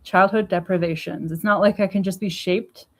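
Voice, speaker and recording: A woman talking into a camera at home for a casual diary vlog, with a mid-range voice. She swears freely and speeds up as she vents, her tone animated and blunt. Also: medium pitch, moderate pace. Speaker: vlogger. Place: at home indoors.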